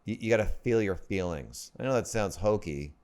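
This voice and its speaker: A man guesting on a podcast in a studio, teasing in a dry, deadpan way with halting restarts. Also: on the low side. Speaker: comedian guest. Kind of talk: casual comedic chat.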